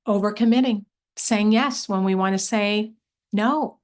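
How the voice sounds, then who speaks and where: Measured and a little mellow, a mid-range female voice belongs to a middle-aged woman who leads workshops and coaches moms. During this live online session she is earnest and encouraging, addressing questions directly to those listening.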